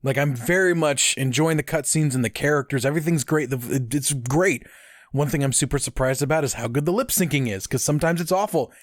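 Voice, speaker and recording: A man chatting casually on a podcast about video games, rambling and animated with many restarts. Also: a little high, brisk, no room sound, clean studio sound. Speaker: podcast co-host, streamer. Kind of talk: casual chat.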